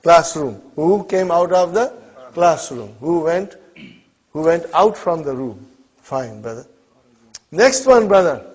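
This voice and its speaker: A man's voice: a little high, lively intonation, takes it slowly, pauses often, darkish tone. A man teaching an Arabic class, walking students through example sentences with frequent "huh?" and "okay?" checks, patient and encouraging. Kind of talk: classroom lesson. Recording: dull lo-fi classroom recording.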